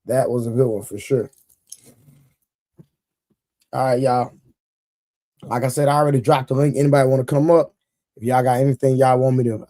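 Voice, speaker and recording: A man's voice: mid-range voice, a little fast, long pauses, dark tone, dry recording. A man hosting a casual livestream, talking loosely and repeating himself, laughing often and reading viewers' comments aloud to his chat. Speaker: livestream host.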